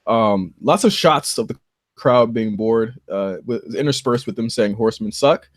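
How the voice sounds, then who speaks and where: A man's voice: mid-range voice, a little slow, no echo, studio quality. A young man co-hosting a casual podcast, running down old wrestling matches in a laid-back way, with "dude" and "bro" here and there. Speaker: podcast co-host. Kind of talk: casual chat reviewing old wrestling shows.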